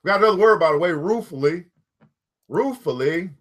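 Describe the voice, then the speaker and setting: A man reading a book aloud to his listeners and stopping to comment, excitable and quick to whoop and laugh. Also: high-pitched. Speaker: book reader and host.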